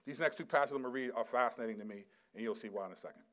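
A middle-aged male pastor giving a sermon, swinging from quiet, low asides to loud, emphatic scripture reading. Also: racing. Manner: reads scripture aloud with rising intensity.

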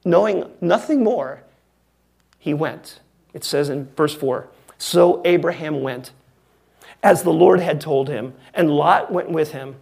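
Gravelly-voiced male pastor preaching. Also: on the high side, darkish tone. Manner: wry, conversational, uses emphatic pauses. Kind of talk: sermon.

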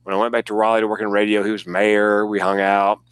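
A man's voice: fairly low pitch, fast, clear, resonant tone, no echo, studio quality. Man telling a story with swearing. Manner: animated storyteller, acts out quoted voices, swears. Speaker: guest comedian. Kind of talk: casual storytelling.

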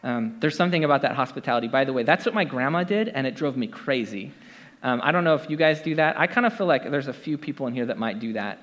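A man's voice: mid-range voice, animated, fast, fairly bright tone. A man preaching a casual, conversational sermon to his congregation, with lots of fillers and asides. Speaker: pastor. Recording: long hall reverb.

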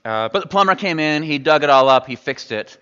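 A male pastor delivers a sermon in a conversational way, putting questions to his listeners. His voice is bright and forceful, and it rings out with a long reverb from a large hall. The recording sounds slightly muffled. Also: fairly high pitch, animated, brisk, clear, resonant tone. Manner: conversational, asks the congregation questions. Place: church sanctuary.

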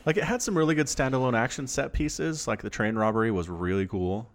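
A man co-hosting a podcast, in casual, animated chat with sarcastic asides. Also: medium pitch, brisk. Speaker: podcast co-host.

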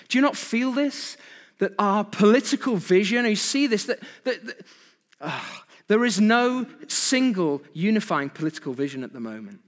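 A man's voice: a little high, expressive, moderate pace, big-room sound. A man preaching an evening sermon, asking his congregation rhetorical questions with emphasis. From Britain.

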